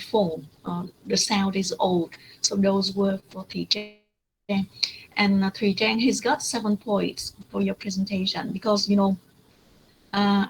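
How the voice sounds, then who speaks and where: A woman's voice: mid-range voice, slight background noise, rough recording. A woman teacher giving pronunciation feedback to students in an online class, speaking hesitantly with many fillers.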